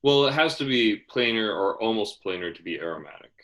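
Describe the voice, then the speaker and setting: A young man leads a study session, prompting his student with patient questions and casual restarts. His voice is bright and fairly low. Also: animated, brisk. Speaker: chemistry tutor. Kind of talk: tutoring session, guiding questions.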